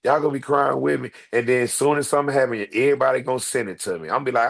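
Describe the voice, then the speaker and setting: A man hosting a livestream with animated commentary, talking loudly and emphatically to his viewers, repeating himself and swearing freely. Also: mid-range voice, very fast, vocal fry. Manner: loud, emphatic, repetitive, profane banter to viewers. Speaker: livestream host.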